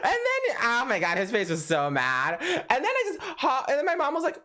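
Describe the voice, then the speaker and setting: A young man vlogger telling a story in a casual, animated way, full of "like" fillers and laughter. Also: extremely high pitch, moderate pace. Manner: animated, swoops between laughing and mock-crying, heavy "like" filler.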